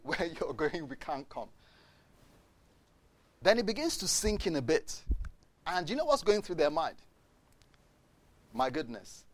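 A man preaching a sermon, telling the story in a lively way, asking the congregation questions and acting out the voices of the people in it. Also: on the high side. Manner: addresses the congregation directly with questions.

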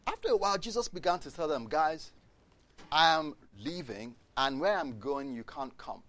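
A man preaching a sermon, telling the story in a lively way, asking the congregation questions and acting out the voices of the people in it. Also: on the high side, normal speed. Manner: addresses the congregation directly with questions.

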